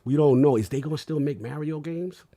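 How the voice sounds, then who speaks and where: A man's voice: a little high, a little fast, dark tone. A man, talking emotionally and in slang as a podcast co-host. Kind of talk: casual podcast chat.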